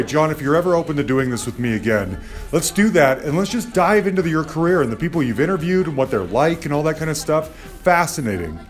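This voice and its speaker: A man hosts a podcast in a relaxed, rambling way, full of "uh" and "you know." His voice sits at an ordinary middle pitch. Faint music plays in the background. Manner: friendly, rambling, agreeable, filler-heavy. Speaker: podcast host. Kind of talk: casual podcast chat and outro.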